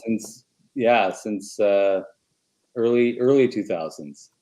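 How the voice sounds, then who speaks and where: A man's voice: lowish voice, takes it slowly. A man co-hosting a casual podcast chat, reading out viewer comments and trading ideas. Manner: animated, reads out chat comments. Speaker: podcast co-host.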